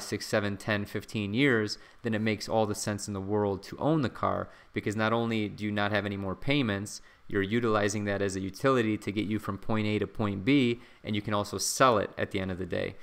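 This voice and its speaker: A man hosting a casual stock-market livestream from his home, chatting in a relaxed way with fillers and frequent asides to his viewers. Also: fairly low pitch, gravelly, clear, resonant tone.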